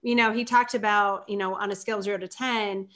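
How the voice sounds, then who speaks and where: A woman hosting an interview, a happiness coach, responding with warm, enthusiastic affirmation. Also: medium pitch, fairly even intonation, fast talker. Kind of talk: conversational interview talk.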